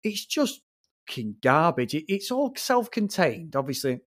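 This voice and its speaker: A man co-hosting a casual film review chat. His voice sits fairly high for a man. He rants bluntly, with plenty of swearing. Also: unhurried. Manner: blunt, sweary, animated ranting. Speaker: film review podcast co-host.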